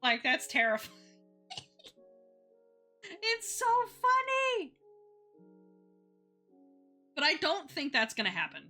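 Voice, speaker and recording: High, bright-voiced woman rambling on stream. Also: wildly swooping pitch, faint music behind. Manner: rambling and giggly, laughs often between thoughts; retells others' lines in quick playful voices. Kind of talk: casual chat while drawing on a live stream.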